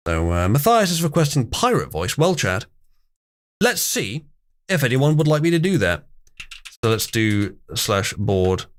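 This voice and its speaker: A young man hosting a live stream in an animated voice that swings widely in pitch. He reads memes and chat aloud with wry, mock-outraged theatrical emphasis, chatting casually with his viewers. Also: measured pace. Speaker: livestream host.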